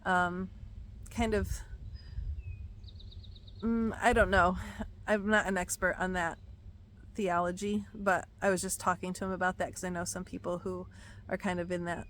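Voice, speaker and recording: A woman speaking as a Christian devotional speaker in a casual, reflective way, thinking aloud and often pausing to search for words. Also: fairly low pitch, flat delivery, a bit bright, a little hiss or hum. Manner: thoughtful, hesitant, searching for words.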